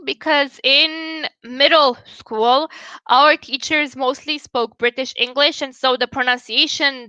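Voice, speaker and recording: High, bright-voiced woman streamer. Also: dry recording. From Romania. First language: Romanian. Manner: outspoken and blunt, swears casually. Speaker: livestream host. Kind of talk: casual livestream chat.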